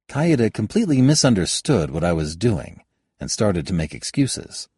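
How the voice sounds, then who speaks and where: A man narrating an audiobook in the first person, telling the story calmly. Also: lowish voice, moderate pace, breathy edge, no room sound, studio quality. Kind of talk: scripted narration.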